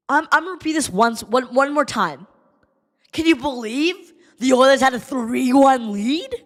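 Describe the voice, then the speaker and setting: A woman streaming live hockey play-by-play, exasperated and ranting at the team, her voice going hoarse. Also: sits high, animated, measured pace, fairly bright tone, long reverb tail. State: losing voice.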